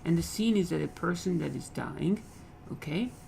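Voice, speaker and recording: A man's voice: on the high side, expressive, moderate pace, vocal fry, dark tone, slight background noise, low-quality recording. A man teaching literature, explaining a poem line by line, repeating phrases and often checking in with "okay?".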